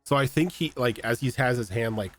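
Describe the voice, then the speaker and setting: A man's voice: medium pitch, fairly quick, slight background noise. A man playing a tabletop game, talking loosely with lots of fillers. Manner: loose, filler-heavy chat. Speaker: player.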